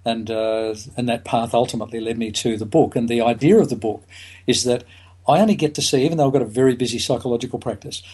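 A man's voice: mid-range voice, fairly even intonation, fast, warm tone, slightly rough. A middle-aged man, a psychologist and author, talking as a podcast guest, hesitant with many fillers and restarts. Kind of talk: podcast interview.

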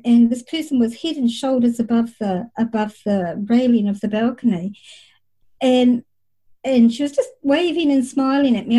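In a reflective interview, a middle-aged psychic medium tells long stories about her experiences in a conversational way. Her voice sits on the high side and sounds mellow and husky, though the recording quality is low.

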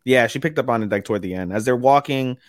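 A podcast co-host casually recaps anime episodes, rambling, using lots of filler words, and acting out the characters' lines. He talks fast in a medium-pitched voice, and the recording is dry and studio quality.

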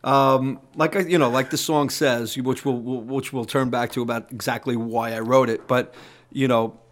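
A middle-aged man, a musician guest telling animated stories in a casual interview, swearing and rambling with restarts. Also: medium pitch, moderate pace. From New York.

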